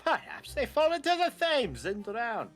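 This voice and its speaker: A man voicing a stately Victorian British gentleman in a fan dub of a game, with a put-on British accent that drifts as he goes. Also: very high-pitched, huge pitch swings, faint music behind, voice pushed up, exaggerated voice. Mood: grim. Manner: measured, formal, theatrical.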